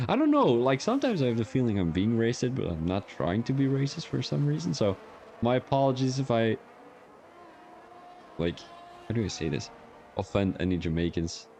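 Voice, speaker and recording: A young man commentates a sim race on a live stream in a lowish, dark voice, with slight background noise underneath. He keeps things casual and joking, chatting with viewers as he calls the action.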